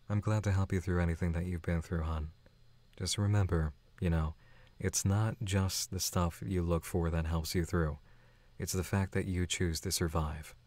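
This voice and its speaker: A man's voice: low-pitched, fairly even intonation, normal speed, darkish tone, no room sound. A man hosting a live stream who reads viewer chats aloud and answers in a chatty, affectionate way, laughing often. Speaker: channel host.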